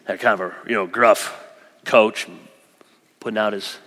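A man preaching a sermon as pastor, animated, swinging between loud emphasis and soft, gentle quoted asides. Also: lowish voice, a little slow. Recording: long echoey church hall.

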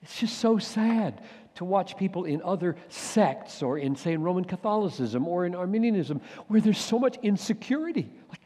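A man preaching a sermon, swinging from loud urgent bursts to hushed, near-whispered lines. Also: high voice, very animated, moderate pace. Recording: long hall reverb.

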